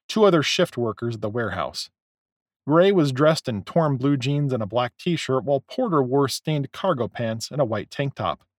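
Male audiobook narrator, mid-pitched, animated rise and fall, dry close recording. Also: dry recording. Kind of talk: scripted narration.

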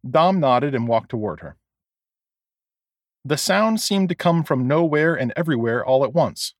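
A man narrating a story as an audiobook, expressive storytelling. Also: medium pitch, a little slow, no echo, clean studio sound.

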